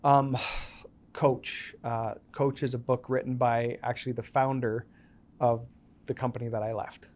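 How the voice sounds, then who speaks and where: Speaking a little slowly in a mid-range voice, this thirty-something podcast guest recounts stories in an interview. He brings them to life by acting out the quoted dialogue.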